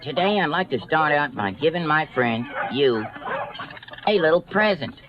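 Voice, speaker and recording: A man voicing a cheeky male wooden ventriloquist dummy that protests in a high, squawky voice. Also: lively intonation, normal speed, lo-fi sound, over music, natural voice. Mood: mischievous.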